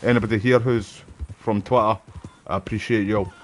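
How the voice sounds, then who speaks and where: A man's voice: on the low side, steady tone, brisk, soft background music. A man with a West Lothian Scottish accent chatting casually and swearing freely while he streams a game for his viewers. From Scotland. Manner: friendly, chatty, sweary slang. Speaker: live streamer. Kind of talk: casual chat over gameplay.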